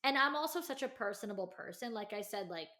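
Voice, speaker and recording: Chatty woman podcast host telling a story. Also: fast. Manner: chatty, heavy use of "like" and "you know"; animated, acts out quotes in a higher voice. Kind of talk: casual storytelling monologue.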